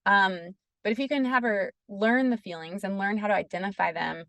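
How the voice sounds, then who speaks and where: Woman guest, interview storytelling, gravelly fry, dry close sound, earnest and chatty. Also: medium pitch, normal speed, a bit bright, no echo. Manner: earnest, peppers speech with "like". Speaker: podcast guest.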